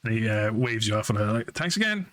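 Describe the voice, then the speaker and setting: A man narrating a tabletop game as game master, relaxed and quick to laugh. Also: lowish voice, crowd noise.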